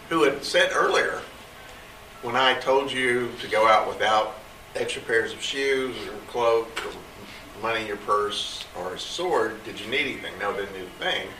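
A man's voice: lowish voice, unhurried, noisy background. A man in a Bible class discussion, thoughtfully retelling scripture in plain words. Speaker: class member. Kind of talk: group discussion. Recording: roomy and distant from the mic.

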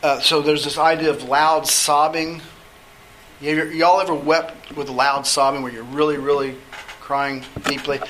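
Guy running a bible study, bright voice, kinda high, keeps asking okay? as he goes. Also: slight background noise, poor audio. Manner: checks in often with "okay?". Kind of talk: conversational Bible teaching.

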